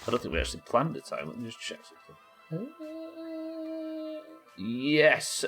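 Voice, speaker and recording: A man's voice: medium pitch, huge pitch swings, fairly quick, fairly bright tone, soft background music. A young man from the UK doing chatty, sweary live commentary as he plays, talking to his chat. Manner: chatty, sweary, talks to chat while working. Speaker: streamer.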